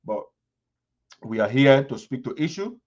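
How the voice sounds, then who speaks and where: A man giving impassioned community commentary, emphatic and repetitive, his voice rising to sharp peaks. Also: mid-range voice, animated, unhurried. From Liberia. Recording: dull lo-fi sound.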